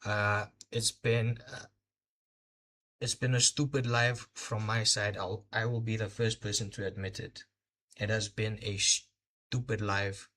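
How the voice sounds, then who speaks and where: His voice is lowish and level, unhurried yet pushed and bright. A tired young man from Botswana who grew up speaking Hindi, of Indian heritage, he hosts a casual live race recap watch-along, short on sleep, hesitant and stumbling through fillers.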